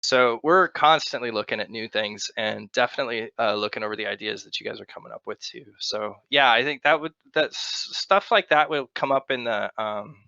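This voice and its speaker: An American man from Arizona answering community questions on a voice call in a relaxed, halting way, often restarting his sentences. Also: mid-range voice, creaky, no room sound. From Arizona, USA. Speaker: game developer. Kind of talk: casual Q&A in a voice call. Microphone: computer mic on a voice call. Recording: dull lo-fi voice call.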